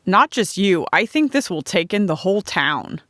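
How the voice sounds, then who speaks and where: A woman voicing a brisk, teasing, practical friend who loves sharing news. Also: mid-range voice, very animated, fairly bright tone, dry recording, clean studio sound.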